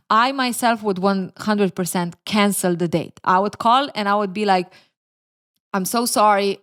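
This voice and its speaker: A woman giving opinionated commentary in an emphatic manner, with sassy asides. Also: mid-range voice. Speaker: video commentator.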